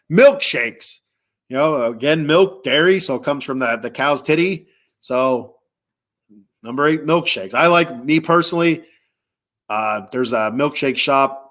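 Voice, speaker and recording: Male podcast host, casual rambling solo talk, mid-pitched, relishes his topic. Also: a bit bright. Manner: rambling, restarts, chuckles, lists with relish.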